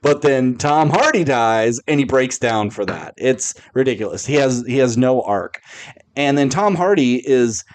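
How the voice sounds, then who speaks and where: A man's voice: mid-range voice, expressive, a little slow. A man hosting a podcast, chatting casually and bluntly about movies, rambling with frequent restarts. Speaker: podcast host. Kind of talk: casual movie review chat.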